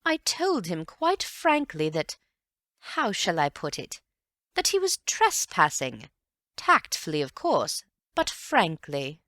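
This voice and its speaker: Slow and deliberate, a fairly low, slightly bright female voice swings hugely in pitch as she performs a full character voice. The audiobook figure is an emphatic, gossipy, self-important middle-aged society mother, gushing and indignant. The recording is dry and clean, studio-made.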